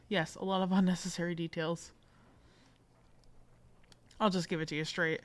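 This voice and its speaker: A woman's voice: on the low side, flat delivery, moderate pace, long pauses. A woman hosting a gaming video, reading out game text and making playful jokes about it. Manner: playful, jokey, laughs at the game.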